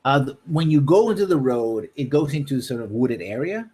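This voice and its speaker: A man's voice: mid-range voice, animated, moderate pace, mellow, slightly rough. A man running a tabletop game as game master, describing scenes at length and often checking in with the players. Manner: descriptive, keeps checking in with "right?".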